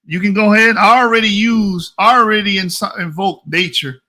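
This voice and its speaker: Man, combative debater, blunt and profane, talks over others, higher pitch, video call audio. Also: steady tone, moderate pace, sharp tone. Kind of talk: heated online debate.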